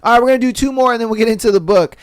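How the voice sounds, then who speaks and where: A man hosting a podcast, chatting casually and reading listener stories aloud in a slangy, animated way, swearing often and laughing at his own jokes. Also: very high voice, rapid-fire, smooth, no echo. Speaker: podcast host.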